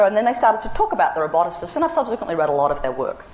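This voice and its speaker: A woman speaker tells a story with a lively, swooping voice and plays out both sides of a conversation. She is recorded in a roomy, echoey hall. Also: rapid-fire. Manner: animated, acts out both sides of a dialogue with big pitch jumps. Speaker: speaker giving a talk. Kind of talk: storytelling lecture.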